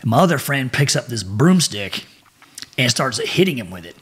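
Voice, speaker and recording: A husky-voiced man in his forties, his pitch sitting right in the middle for a man. He tells a rowdy story in a loose, profane, animated way, breaking into laughter as he talks. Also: normal speed. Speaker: podcast guest. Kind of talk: casual storytelling.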